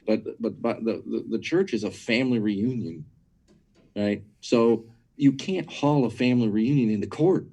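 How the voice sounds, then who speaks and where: A man with a lowish, warm, mellow voice talks as a guest in a conversational teaching style. He drives his points home emphatically, stacking repeated words, and keeps asking "right?" to his listener. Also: normal speed, breathy edge. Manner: asks listeners rhetorical questions. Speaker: guest speaker on church matters.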